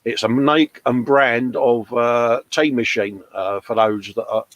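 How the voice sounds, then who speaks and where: A man's voice: medium pitch, fairly even intonation, a little slow, no echo. A British man in his fifties, co-hosting a casual livestream chat, jokey and matey as he reads out viewer comments. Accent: British English. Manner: chatty, jokey, says "mate" a lot. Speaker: livestream co-host.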